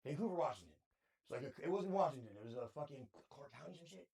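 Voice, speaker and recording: Excitable high-voiced man. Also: quick pace, gravelly. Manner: excitable storyteller, heavy slang and swearing. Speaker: podcast co-host. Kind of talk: casual chat.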